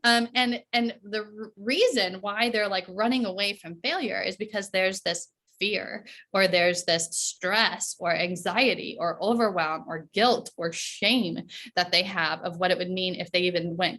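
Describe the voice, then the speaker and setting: Chatty woman coach, mid-pitched voice. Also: fairly bright tone. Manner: chatty, tags sentences with "right?" and laughs often. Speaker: performance coach. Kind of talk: casual podcast interview.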